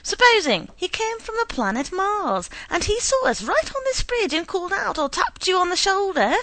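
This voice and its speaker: A woman reading a puzzled wife, questioning tone, high lively voice, dry close sound. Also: unhurried, creaky, exaggerated voice.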